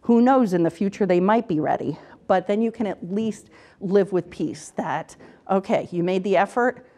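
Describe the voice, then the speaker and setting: A woman's voice: on the low side, warm tone. A middle-aged woman, an author and counselor, talking earnestly in a casual interview and repeating her words as she gives advice. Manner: earnest, repeats words, acts out quotes in dialogue. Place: local TV studio interview.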